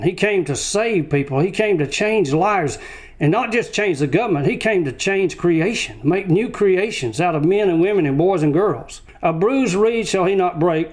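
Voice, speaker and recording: A man preaching a sermon, driving his points home with short repeated phrases. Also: sits high. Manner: emphatic repetition of short phrases.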